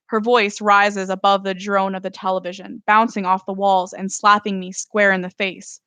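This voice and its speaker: A woman author reading her own novel aloud in a steady first-person narration during a live stream. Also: mid-range voice, normal speed, few pauses, clear, resonant tone, no room sound.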